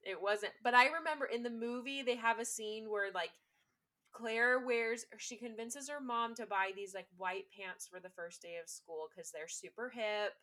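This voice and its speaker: A young woman in casual conversation, talking with a bright, forward tone. She retells scenes in a lively storytelling manner, slipping into the voices of the people she quotes. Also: fairly high pitch, moderate pace. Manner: chatty storytelling, acts out quotes. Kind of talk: casual chat.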